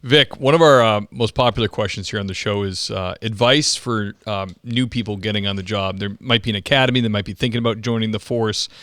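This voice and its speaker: A man hosting an interview podcast, giving short encouraging reactions and asking relaxed questions. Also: lowish voice, fairly quick, few pauses, no echo, clean studio sound. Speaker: podcast host.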